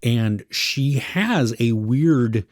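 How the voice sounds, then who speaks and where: A man's voice: mid-range voice, animated, drawn-out words, a little mellow, dry recording, clean studio sound. A man co-hosting a podcast, chatting casually about a series he watched and searching for his words as he goes. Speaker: podcast co-host. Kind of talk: casual film review chat.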